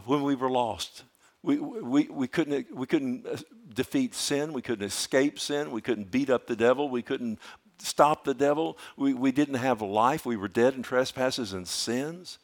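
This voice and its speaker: A middle-aged man delivers a sermon in an ordinary mid-range voice. He presses points by repeating them and restarts his phrases, then falls to a near-whisper when he tells a story. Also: mid-range voice. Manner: impassioned preaching that swings from loud urgency to hushed storytelling. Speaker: pastor.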